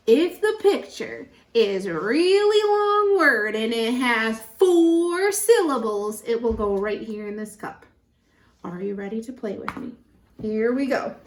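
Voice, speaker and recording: Woman teacher talking to little kids, upbeat and encouraging, kinda high voice, roomy echo. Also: slight background noise. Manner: animated and encouraging, counting syllables slowly. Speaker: pre-K teacher. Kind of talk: children's lesson. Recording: echoey room.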